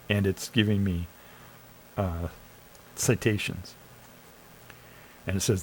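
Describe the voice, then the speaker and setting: Gravelly, low male streamer; sarcastic, argumentative commentary, faint noise behind. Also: a little mellow, poor audio. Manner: sarcastic, argumentative, urging listeners to think. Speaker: live streamer. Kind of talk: casual commentary reading AI chat aloud.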